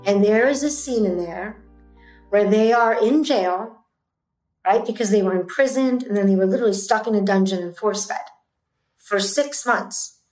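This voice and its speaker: A woman's voice: mid-range voice, normal speed, darkish tone. A woman in her fifties, an entrepreneur guest, telling her story intensely and emphatically, repeating lines for force. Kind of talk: emotional personal storytelling. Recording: roomy echo with faint music.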